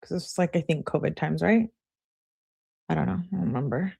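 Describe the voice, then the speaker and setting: A woman's voice: low voice, fairly quick, creaky, a little mellow, slightly rough. A young woman giving casual true crime commentary in a blunt, sarcastic way, swearing freely. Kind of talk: casual commentary reading out texts.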